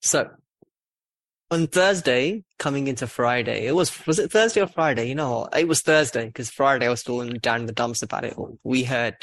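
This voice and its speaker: A man's voice: medium pitch, a little fast, fairly bright tone. A man hosting a casual podcast chat, joking, swearing and laughing at his own gags. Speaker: podcast host. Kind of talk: casual banter.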